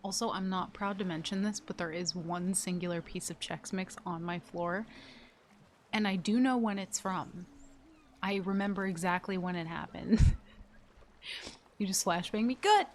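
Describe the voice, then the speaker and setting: A woman's voice: fairly low pitch, moderate pace, slight background noise. A woman live streaming from her desk at home, chatting casually to viewers in an exasperated, rambling way and swearing a lot.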